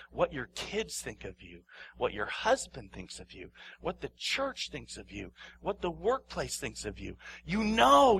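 A man delivering a sermon in a bright, forceful voice pitched a little high. He swings from loud, emphatic bursts down to hushed near-whispers, repeats phrases for effect, and laughs as he preaches. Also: a little hiss or hum. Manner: laughs often while preaching. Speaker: pastor.

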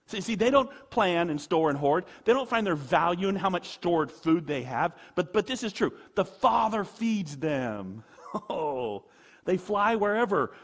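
A man preaching a sermon, animated, with laughing asides, acting out quoted voices. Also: sits high, a little slow. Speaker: pastor.

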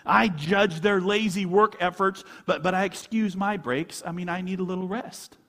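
A man's voice: sits high, normal speed, sharp tone, big-room sound. A man preaching a conversational sermon as a pastor, asking rhetorical questions and chuckling often.

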